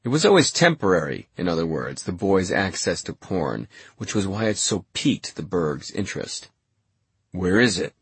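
A man narrating an audiobook in a measured, wry storytelling manner. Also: low-pitched, sing-song, slightly rough, dry recording. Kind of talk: scripted narration.

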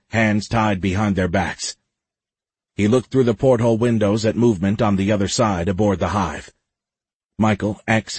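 Male audiobook narrator, husky, low voice, dry close sound, steady dramatic reading. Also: no room sound. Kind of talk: scripted narration.

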